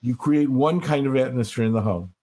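A man's voice: medium pitch, mellow. Earnest older man telling stories. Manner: earnest, storytelling, slows for emphasis. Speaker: rabbi, guest speaker. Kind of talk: reflective interview talk.

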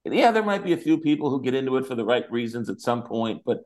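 A man hosting a talk show, chatting about politics in an animated, repetitive, exasperated way. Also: mid-range voice, fast talker. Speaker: radio talk host. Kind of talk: casual political chat.

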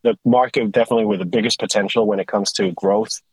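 A man with a lowish voice tells his story in a loose, animated way, often stopping and restarting mid-sentence. The sound is dry and close, with no room around it. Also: quick pace, slightly rough, dry recording, low-quality recording. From Sweden. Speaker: guest, tilt rotator company executive. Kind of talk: casual conversational storytelling.

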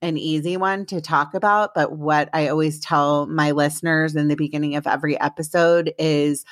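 A woman's voice: low voice, steady tone, moderate pace, no room sound, clean studio sound. A woman hosting a podcast, telling rambling personal stories in a casual chat before introducing her guest. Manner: chatty, rambling storytelling. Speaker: podcast host.

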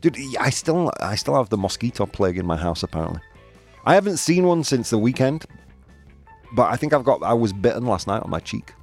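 Playful Yorkshire host, lively pitch. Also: male voice, fairly quick, soft background music. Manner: playful, laughing, teasing the chat. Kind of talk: live-stream game show chat.

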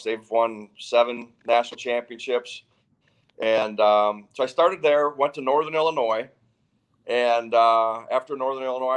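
An older male football coach from Wisconsin with a mid-pitched voice. He talks in a chatty, easygoing way and often restarts his sentences while he tells his stories. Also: poor audio. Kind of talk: casual interview storytelling.

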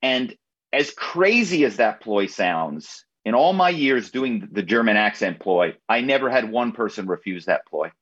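A man talking as an author and guest in a radio interview, often halting and repeating words as he starts. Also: lowish voice, expressive, a bit bright, slightly rough, muffled recording.

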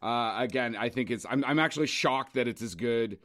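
A man's voice: medium pitch, fairly quick, fairly bright tone. A man co-hosting a casual podcast, rambling and restarting his words. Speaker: podcast co-host. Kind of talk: casual chat. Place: Cambridge, Ontario.

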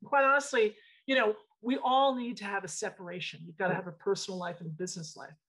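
Studio owner, woman, slightly husky voice; tells anecdotes with frank, lively emphasis. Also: mid-range voice, quick pace, low-quality recording. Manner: animated storyteller, emphatic and frank. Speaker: interior design studio owner. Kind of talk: casual interview storytelling.

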